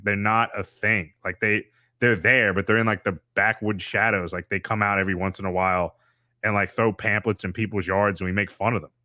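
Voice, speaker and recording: A man's voice: on the low side, sharp tone, no echo, studio quality. A man in his thirties hosting a casual podcast chat, telling stories in a rambling way with lots of fillers and restarts.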